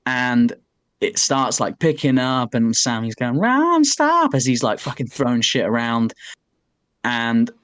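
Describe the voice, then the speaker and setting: A man retelling a story on a podcast. His delivery is animated and loose, with frequent swearing and a steady stream of "like" fillers. The recording is dry and close, with no room sound. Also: medium pitch, unhurried, clear, resonant tone, no room sound. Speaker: podcast co-host. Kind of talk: casual chat.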